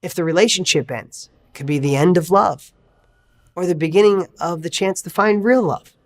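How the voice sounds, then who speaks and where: A man's voice: high-pitched, moderate pace. Male success coach, motivational talk, punchy and emphatic, leans on rhetorical questions.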